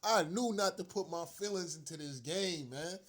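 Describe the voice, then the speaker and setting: A fired-up fan rant comes from a sports vlogger whose voice sits high and moves at normal speed. Upset and frustrated on his own show, he gets profane and slangy, says things over and over, and laughs as if he can't believe it.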